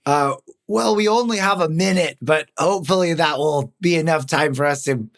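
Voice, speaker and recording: A man playing a tabletop game, hesitant and halting as he plans. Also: a little high, vocal fry, a bit bright. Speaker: player.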